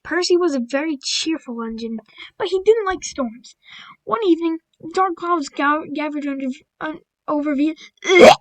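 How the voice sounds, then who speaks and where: High-voiced woman reading stories, stumbling. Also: lively intonation, normal speed, low-quality recording. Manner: stumbles over words, breaks off for blunt asides. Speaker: video creator. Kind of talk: reading stories aloud with casual commentary.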